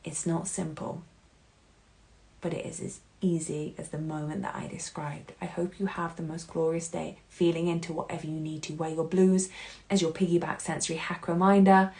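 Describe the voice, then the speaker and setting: A woman hosting a solo podcast, talking in an earnest, heartfelt way that swings between loud and hushed. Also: low-pitched, level tone, moderate pace. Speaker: podcast host.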